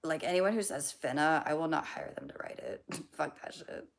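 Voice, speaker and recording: A young woman hosting a casual livestream, hoarse from losing her voice, rambling, swearing and laughing at her own jokes as she answers chat. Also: deep voice, moderate pace.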